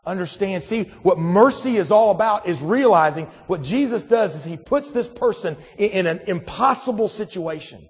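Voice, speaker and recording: Pastor guy preaching, kinda husky, a bit high voice, lots of restarts and questions, hall echo. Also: animated, normal speed, hardly any pauses. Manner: conversational preaching with many restarts and rhetorical questions. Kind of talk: sermon.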